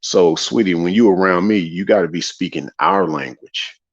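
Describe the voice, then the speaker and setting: Deep-voiced man preaching on a livestream. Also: normal speed, vocal fry. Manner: preachy, repeats phrases for emphasis, greets chat viewers. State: tired after a long day. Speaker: livestream host. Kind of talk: casual livestream monologue. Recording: slightly dull lo-fi audio.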